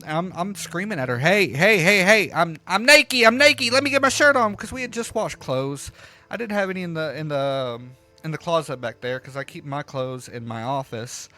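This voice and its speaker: A man casually telling a rambling, profane story while he plays a game, getting loud and heated as he retells it. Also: sits high. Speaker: gaming streamer telling a story. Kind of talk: casual storytelling over gameplay.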